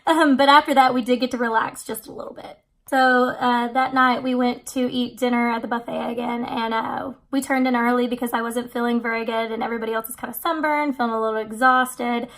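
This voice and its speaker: A woman's voice: on the high side, fairly even intonation, brisk, a bit bright. Chatty young woman telling a story. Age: 20s. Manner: chatty, many fillers and "like". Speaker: vlogger. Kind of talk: casual storytelling.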